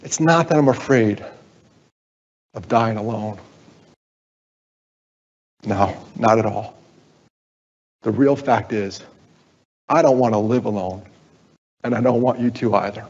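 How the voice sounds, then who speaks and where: A man's voice: on the low side, takes it slowly, pauses often, darkish tone, big-room sound, lo-fi sound. A man giving a candid, emotional keynote talk at a conference, often breaking off and restarting his sentences. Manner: candid, emotional, self-interrupting. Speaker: keynote speaker. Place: conference hall.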